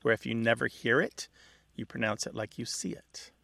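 A man with a gravelly, middle-pitched voice co-hosts a radio show about words. He explains word usage in a chatty, easygoing way and laughs often. His voice sounds dry and close to a studio mic. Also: flat delivery, normal speed, pushed and bright, no room sound. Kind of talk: casual radio talk about language.

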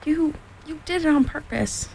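A woman's voice: lowish voice, normal speed, warm tone, slight background noise, lightly acted, low-quality recording. A woman voicing a small, timid male piglet who protests in a flustered, indignant way in a storybook reading. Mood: high-pitched protest.

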